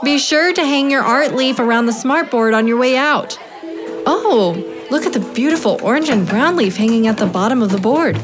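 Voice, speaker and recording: A woman's voice: on the high side, animated, moderate pace, music in the background, natural voice. A woman playing a kind, encouraging grade-school teacher in a children's audio drama. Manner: warm, encouraging.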